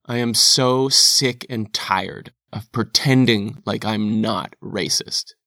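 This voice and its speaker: Guy thinking out loud, earnest and confessional, bright voice, dry close sound. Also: on the low side, slow, creaky, no echo. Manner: earnest, self-questioning, confessional. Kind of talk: reflective personal monologue.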